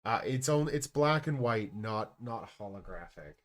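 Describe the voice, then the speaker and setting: A man chatting casually on a live stream, joking and rambling, with quiet mumbled asides between loud outbursts. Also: lowish voice, expressive, normal speed.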